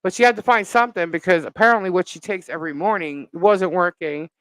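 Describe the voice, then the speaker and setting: A woman live-streaming as a vlogger, telling a gossip story in an animated, indignant way with lots of fillers. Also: lowish voice, quick pace, no echo, low-quality recording.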